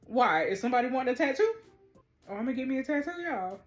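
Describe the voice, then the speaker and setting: A woman reading a story game aloud and reacting to it in a chatty, lively way. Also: sits high, quick pace, soft background music. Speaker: story game player and reader.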